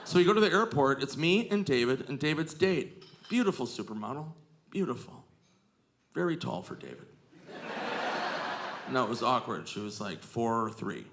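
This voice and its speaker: A male stand-up comedian telling self-mocking stories on stage in a lively anecdotal way. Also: mid-range voice, moderate pace, pauses often. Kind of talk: stand-up storytelling. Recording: live club recording with crowd noise. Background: audience laughter.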